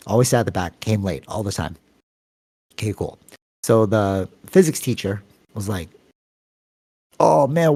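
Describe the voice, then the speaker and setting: Podcast co-host, Canadian man, rambling storyteller, warm mellow tone, dry close mic. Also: slightly rough, dry recording. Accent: Canadian English. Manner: long-winded, rambling storytelling with many fillers; acts out quoted voices with sudden pitch jumps. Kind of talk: casual podcast chat.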